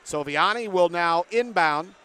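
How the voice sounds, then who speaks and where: A man's voice: sits high, animated, a little slow, pushed and bright, smooth. Chatty man calling a basketball game. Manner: chatty, interviews guests between plays. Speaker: play-by-play announcer. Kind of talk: basketball play-by-play commentary. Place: broadcast booth at a gym.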